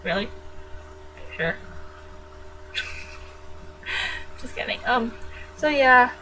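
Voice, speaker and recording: Slow-talking giggly teenage girl vlogging. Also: on the high side, lively intonation, noisy background. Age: teens. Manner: rambling, giggly, jokey. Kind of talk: casual vlog chat.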